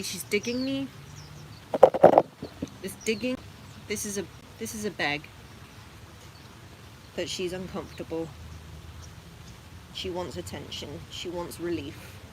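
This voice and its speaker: A woman hosting a casual vlog, talking softly and gently and cooing to her rabbits between explanations. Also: fairly low pitch, background noise. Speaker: rabbit owner and channel host. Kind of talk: casual vlog narration while tending pets.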